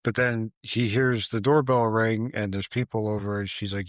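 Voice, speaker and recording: A man's voice: on the low side, flat delivery, normal speed, hardly any pauses, dry recording, clean studio sound. A man co-hosting a podcast, casually retelling a film's plot and acting out the characters' lines. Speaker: podcast co-host. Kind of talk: casual movie recap chat.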